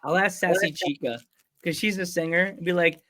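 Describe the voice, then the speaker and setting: A man with a high, bright voice hosts a podcast and keeps the banter light and joking. His voice is sharp and forward. The sound is close and dry. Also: brisk, no room sound. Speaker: podcast host.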